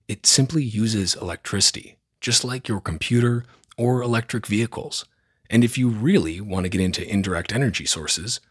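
A man's voice: lowish voice, slightly rough. A man hosting a news roundup podcast, reading from a script in a blunt, sarcastic, opinionated way. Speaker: podcast host.

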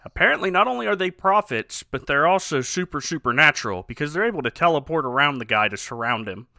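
Podcast co-host, man, bright and upper-pitched, wry movie-recap storyteller, dry close mic. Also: lively intonation, fast talker, vocal fry, no room sound. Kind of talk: casual comedic movie recap.

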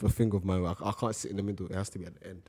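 A man's voice: deep voice, steady tone, rapid-fire, mellow, breathy edge, no echo, studio quality. A young man, telling stories in casual chat as a podcast co-host, building rhythm by repeating words.

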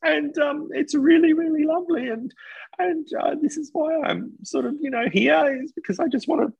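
A man putting on a tearful, rambling woman cooking contestant in a shaky falsetto. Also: gravelly, muffled recording. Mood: weepy. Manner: rambling, sniffling, halting.

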